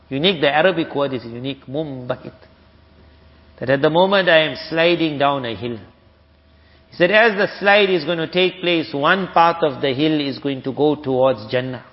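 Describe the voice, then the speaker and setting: A man giving a hadith lesson, retelling stories casually and acting out the dialogue. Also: a little high. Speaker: Islamic teacher. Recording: dull, lo-fi audio with long hall reverb.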